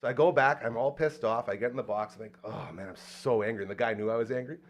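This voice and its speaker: A man hosting a relaxed podcast who tells his stories with real animation. He swings into other voices for the quotes and keeps the chat loose and casual. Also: mid-range voice, quick pace. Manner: animated storyteller, acts out quotes. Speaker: podcast host.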